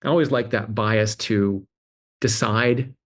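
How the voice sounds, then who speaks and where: A man's voice: fairly low pitch, takes it slowly. A man speaking as an interview guest, telling stories casually and animatedly, with many "like" fillers and restarts. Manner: animated storytelling, acting out quoted voices. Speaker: interview guest, adtech CEO.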